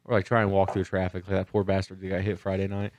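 A man's voice: sits low, completely flat delivery, fast talker, no room sound. A man co-hosting a podcast in a studio, joking crudely and laughing along. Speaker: podcast co-host. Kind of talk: casual chat.

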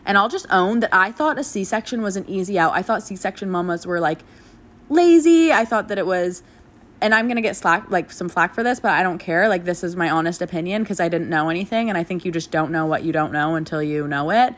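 A young woman with a somewhat low-pitched voice tells her own story straight to the listener. She is candid and casual and swears freely. She slips into animated, higher voices whenever she quotes someone. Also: fast. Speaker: new mother telling her birth story.

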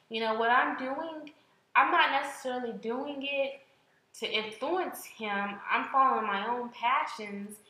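A woman's voice: fairly high pitch, bright, forceful tone, reverberant, poor audio. A young woman co-hosting a casual chat, talking at length with many fillers and restarts. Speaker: podcast co-host.

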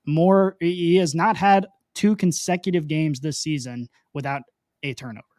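A man's voice: on the high side, moderate pace, darkish tone, no echo, clean studio sound. A man co-hosting a sports podcast, talking animatedly in casual chat and acting out quotes, swearing freely. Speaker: podcast co-host.

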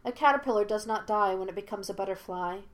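A woman voicing the stern, cool spirit of an old man who was a past Avatar, lecturing in measured tones. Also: mid-range voice, natural voice.

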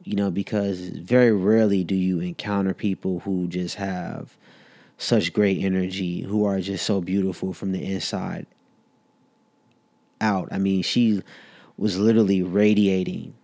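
Low-pitched male co-host, loose conversational delivery, frequent quick interjections. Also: vocal fry. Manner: quick agreeing interjections, animated when arguing. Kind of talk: casual chat.

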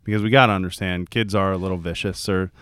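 Animated man in his thirties. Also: sits low, fast talker, no echo. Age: 30s. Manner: animated, acts out quoted dialogue. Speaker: youth baseball program coach. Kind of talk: casual podcast chat.

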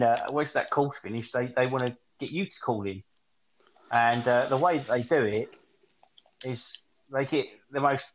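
A man from England co-hosting a podcast, telling crude stories in an animated way, swearing and laughing at his own jokes. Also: mid-range voice, rough recording. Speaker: podcast co-host. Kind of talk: crude comedic casual chat.

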